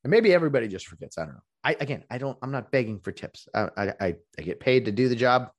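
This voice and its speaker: A man who works as a rideshare driver, talking casually in a rambling vlog monologue. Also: quick pace. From California. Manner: rambling, restarts often, lively pitch.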